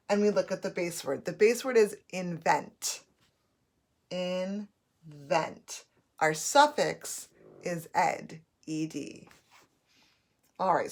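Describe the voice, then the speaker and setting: A woman teacher giving a slow, patient phonics lesson to young children, spelling out letters as she goes. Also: fairly low pitch.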